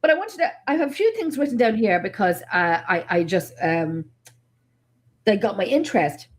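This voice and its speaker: A woman's voice: medium pitch, normal speed. A middle-aged woman chatting on a paranormal panel, telling blunt, joking stories with lots of emphasis. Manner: animated, emphatic storyteller with blunt jokes. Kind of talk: casual panel chat.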